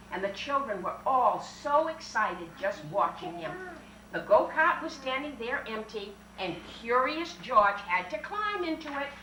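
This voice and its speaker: A lively woman reads a storybook aloud to a group of children, her voice swooping high and low with a bright edge. The sound is an old 1970s tape in a roomy library room, the mic set well back, with faint hiss underneath. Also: distant mic. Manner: lively, animated, coaxing with children. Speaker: children's storyteller and French teacher. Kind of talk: reading a picture book aloud to children.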